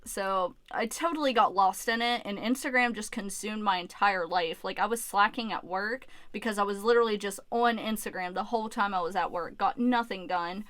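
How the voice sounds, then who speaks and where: A woman's voice: mid-range voice, fairly bright tone, no room sound. A young woman telling a candid, emotional story about her life online, swearing freely and full of restarts. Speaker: YouTuber. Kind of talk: personal storytime vlog.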